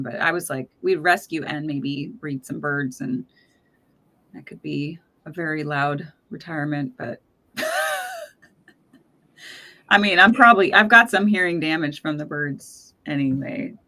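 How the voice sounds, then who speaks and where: A woman with a somewhat low voice chats casually as a podcast host. She talks freely, laughs often, and lets her sentences trail off as she goes. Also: measured pace, sharp tone. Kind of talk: casual chat.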